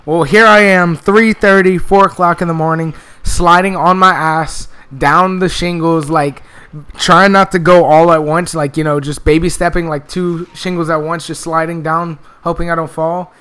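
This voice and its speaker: A young man with a high-leaning, bright voice tells a long personal story in loose, casual speech. He rambles, swears freely and fills every pause with "like" and "well.". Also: steady tone, clear, resonant tone. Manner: rambling, profane, full of "like" and "well".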